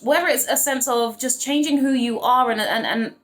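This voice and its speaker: A young woman gives a casual tarot reading, speaking straight to her viewers in a fairly high voice. She is effusive and emotional and can barely contain her excitement. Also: moderate pace, roomy sound. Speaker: tarot reader.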